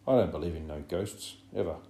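A man's voice: low-pitched, animated, moderate pace, mellow. A man voicing an indignant, jeering boy, in a roomy room with a faint hum. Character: indignant, bespectacled know-it-all boy.

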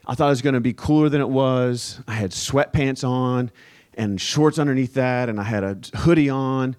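A man's voice: mid-range voice, moderate pace, a little mellow. Casual storytelling male pastor. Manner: casual, conversational storytelling with fillers. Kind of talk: sermon told as a personal story.

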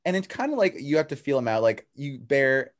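A man's voice: mid-range voice, big pitch swings, fairly quick. A young man co-hosting a podcast in casual chat, rambling with many fillers. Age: 20s. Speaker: podcast co-host.

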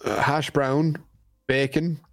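A man's voice: fairly high pitch, flat delivery, slow, fairly bright tone, dry recording. Irish man, rambling casual chat. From Ireland. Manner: rambling, self-correcting storyteller. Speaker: guest.

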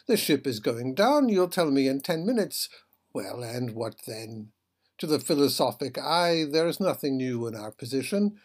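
A man with a husky voice reading the part of a calm, philosophical ship captain who reasons gently. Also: medium pitch, moderate pace. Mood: lecturing.

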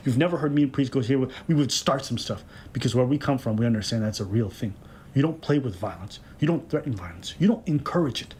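A man's voice: medium pitch, expressive, fast, darkish tone, a little hiss or hum. A man co-hosting a podcast, giving heated commentary and hammering his points home through repetition. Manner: emphatic, repeats points for emphasis. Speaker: podcast co-host.

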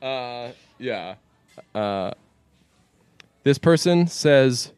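A man's voice: fairly high pitch, normal speed, no echo. A man co-hosting a podcast, telling stories in a rambling, profane way in casual chat.

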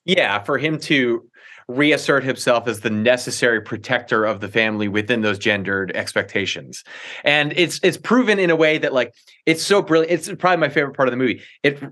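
A man's voice: mid-range voice, a little fast, fairly bright tone. A young man co-hosting a casual film podcast, talking analytically with frequent restarts and hesitations. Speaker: podcast co-host.

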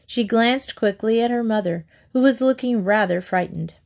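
A woman narrating a children's chapter book in a steady, expressive read-aloud. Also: fairly high pitch, moderate pace, creaky.

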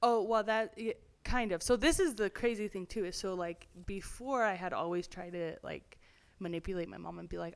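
A woman's voice: mid-range voice, fairly even intonation, moderate pace, vocal fry. A young woman telling her personal testimony as an interview guest, chatty, full of "like" and "you know", acting out other people's voices.

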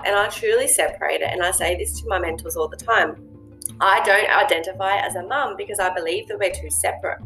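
Over faint background music, a female host speaks at a moderate pace in a somewhat bright mid-range voice. Her casual monologue is sincere and thoughtful, full of fillers like um and you know.

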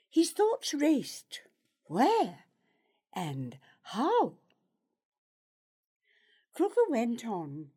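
A woman narrating an audiobook chapter in a measured storytelling manner. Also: a little high, huge pitch swings, mellow, breathy edge.

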